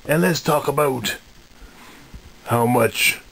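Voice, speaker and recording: Smug takeover puppet frog, voiced by a man: low-key, very slow, sly. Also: gravelly, fairly bright tone, heavily acted. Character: male puppet frog taken over, smug and mean. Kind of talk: puppet comedy video.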